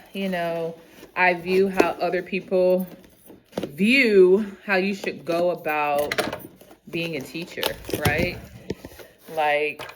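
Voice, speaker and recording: A woman teacher chats her way through an unboxing vlog in a low, deep-set voice. She talks at an easy, drawn-out pace and gushes freely, gasping often. A steady hiss of background noise sits under the recording. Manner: effusive, gushing, often gasping with delight. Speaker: teacher and vlogger. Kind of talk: casual unboxing vlog chat.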